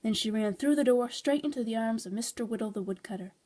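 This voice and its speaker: A woman's voice: a little high, quick pace, dark tone. Woman reading a children's storybook aloud. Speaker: storybook reader.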